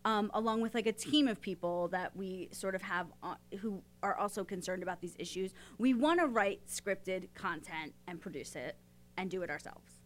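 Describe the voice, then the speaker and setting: A woman's voice: mid-range voice, normal speed. A woman co-hosting a casual chat show, chatty and giggly, with lots of fillers. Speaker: podcast co-host.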